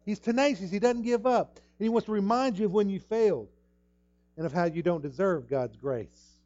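A man preaches a sermon with a slightly raised pitch, hammering his points through repetition. His voice leaps up loud and high on key words. The recording sounds muffled and lo-fi. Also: normal speed. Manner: emphatic, repeats words, sudden loud rises in pitch. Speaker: pastor.

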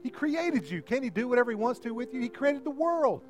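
A man's voice: very high-pitched, sing-song, brisk, soft background music. A male pastor preaching an impassioned sermon into a handheld microphone in a church, pleading with his listeners. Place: church sanctuary.

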